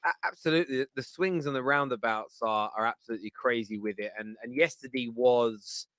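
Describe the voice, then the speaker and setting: A man's voice: mid-range voice, brisk, a bit bright, no room sound. A man hosting a football podcast who asks questions eagerly and stretches some words for emphasis. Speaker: podcast host.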